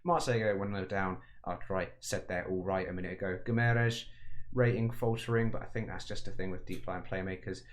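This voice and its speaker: A man's voice: sits low, fairly even intonation, brisk. A man giving casual, rambling commentary on a football management game, chatty and self-mocking with frequent asides. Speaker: gaming commentator.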